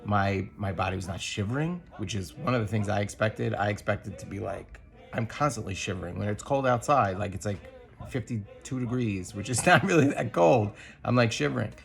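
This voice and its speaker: A man co-hosting a podcast, sharing a personal reflection in an earnest, thoughtful way, pausing often with ums and restarts. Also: on the low side, gravelly. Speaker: podcast co-host.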